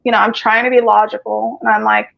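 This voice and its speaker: A woman's voice: fairly high pitch, little pitch movement, a little fast, creaky. Rambling, profane woman on a lo-fi call. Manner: rambling, profane, frequent filler words. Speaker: caller telling her story. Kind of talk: casual chat on a group call. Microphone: video call. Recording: lo-fi call audio.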